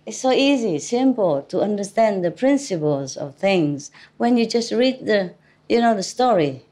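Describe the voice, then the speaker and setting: A woman's voice: medium pitch, lively intonation, normal speed, mellow. A woman spiritual teacher giving an informal talk to an audience, chatty and teasing, laughing often, in English that is not her first language. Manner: non-native English phrasing.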